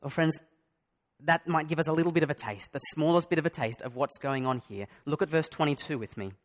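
A middle-aged man preaches in an earnest, searching way, putting question after question to his congregation. His voice sits fairly high for a man. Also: fairly quick. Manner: earnest, asks the listeners many direct questions. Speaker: pastor. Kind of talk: sermon.

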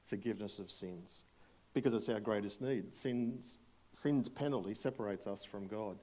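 A man's voice: lowish voice, darkish tone. A man preaching a sermon to a congregation, emphatic, asking rhetorical questions and polling the listeners. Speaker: pastor. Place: church hall before a congregation.

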